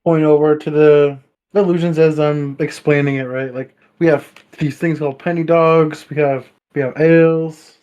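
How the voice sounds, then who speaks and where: A man's voice: a little high, steady tone, normal speed, smooth. A man playing a tabletop game in a laid-back, easygoing way. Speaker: player. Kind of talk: tabletop game role-play. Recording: dull lo-fi sound.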